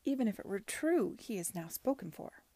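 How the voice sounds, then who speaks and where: A modest, earnest young woman, quiet and self-conscious, read by a woman. The tone is warm and gravelly, recorded close and dry. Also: medium pitch, animated, moderate pace, no room sound. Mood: embarrassed.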